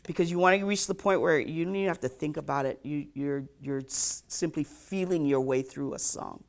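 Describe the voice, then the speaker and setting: Gravelly-voiced ukulele teacher. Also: mid-range voice, brisk. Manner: checks in with "okay?" after nearly every point; counts beats aloud while demonstrating. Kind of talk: live online music lesson.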